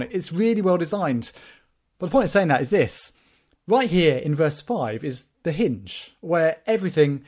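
Man preaching, fairly high voice. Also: darkish tone. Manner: rhetorical questions, reads scripture aloud. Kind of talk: sermon.

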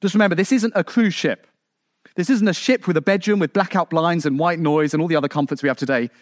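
A man from England preaching a sermon in a conversational way, with rhetorical questions and asides, building to emphatic peaks and then dropping low. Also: fast talker, dry recording, studio quality.

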